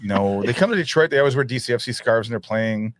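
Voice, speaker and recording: A man's voice: medium pitch, expressive, fast, background noise. A man co-hosting a casual podcast, telling a story in a chatty way and joking about himself. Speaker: podcast co-host.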